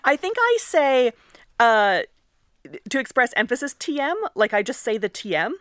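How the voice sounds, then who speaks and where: A woman's voice: a little high, very animated, normal speed, a bit bright, dry recording, clean studio sound. A woman linguist guest in a casual interview, explaining with animation and laughing often as she acts out examples.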